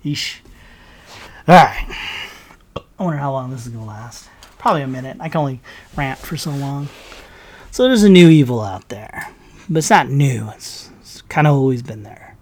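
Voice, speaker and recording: A man's voice: mid-range voice, lively intonation, normal speed, long pauses. A man hosting his own show, delivering a heated, profane, sarcastic solo rant to his listeners. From United States. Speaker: podcast host.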